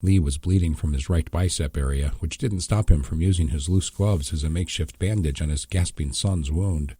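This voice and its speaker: A man reading an audiobook in scripted, measured narration. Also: very deep voice, mellow, breathy edge, no echo.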